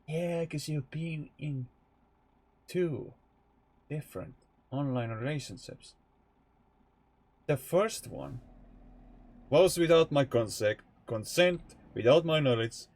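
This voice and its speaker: A man's voice: fairly high pitch, takes it slowly, long pauses, a little mellow, slightly rough. A young man streaming live from home, chatting casually while he plays, rambling candidly and swearing freely as he thinks aloud. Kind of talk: casual live-stream chat while playing a truck game.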